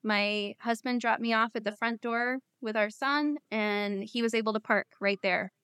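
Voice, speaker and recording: A woman guest in an interview, telling personal stories in a candid, reflective way with soft hesitations. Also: on the high side, steady tone, normal speed, clean tone, no room sound.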